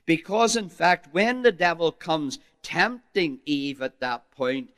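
Animated, lively-pitched male preacher. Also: slow pace. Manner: emphatic, rising and falling delivery with repeated "my friends"; archaic King James phrasing. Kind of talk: sermon.

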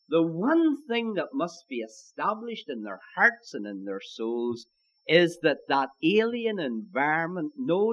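Irish male preacher, fairly high voice swinging widely, unhurried sermon delivery, dull lo-fi recording. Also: fairly bright tone. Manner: emphatic, repeats key lines, addresses listeners as "my friends".

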